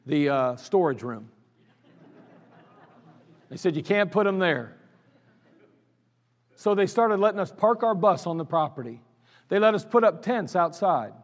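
Animated Ohio pastor in a reverberant church. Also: male voice, high-pitched. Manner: animated storyteller, laughs at his own stories. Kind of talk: anniversary sermon storytelling. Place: church sanctuary. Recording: church service recording with long hall reverb.

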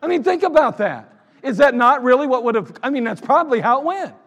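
A man preaching to his congregation, his voice high for a man and swinging widely in pitch as he dramatizes each scene. He tells the story with animation and acts out the quoted lines. The recording rings with the long reverb of a church sanctuary. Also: animated, fast talker, a bit bright, slightly rough. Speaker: pastor. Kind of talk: sermon.

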